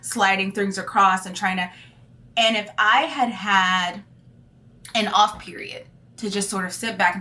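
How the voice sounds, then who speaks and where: A woman's voice: medium pitch, measured pace. A woman in her thirties, a teacher, talking candidly in a casual vlog with plenty of fillers. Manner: candid and animated, lots of fillers.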